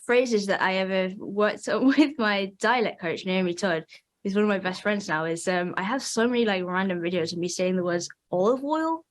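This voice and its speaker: A woman's voice: mid-range voice, normal speed. Bubbly British woman. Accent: British English. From Britain. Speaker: guest actor. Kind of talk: casual interview chat.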